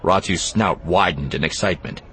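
Deep-voiced male audiobook narrator. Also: moderate pace, slightly rough. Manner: expressive, even storytelling. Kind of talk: scripted narration.

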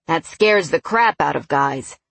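A woman voicing a cocky, condescending male coworker who teases and smirks, in a storybook read with a husky voice. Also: on the high side, lively intonation, unhurried, fairly bright tone, full character voice. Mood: smirking, teasing. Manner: teasing, know-it-all.

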